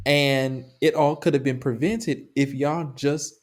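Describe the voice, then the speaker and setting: A man's voice: a little high, slow. Brief: male podcast co-host, emphatic, rambling, conversational. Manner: animated, rambling, emphatic repetition. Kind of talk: casual podcast chat.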